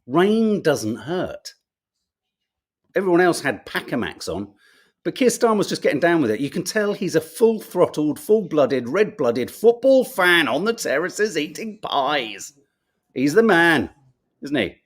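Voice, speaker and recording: Lively, higher-voiced man. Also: moderate pace. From Britain. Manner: chatty, wry and sarcastic, muses aloud. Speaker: podcast host. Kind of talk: casual newspaper review chat.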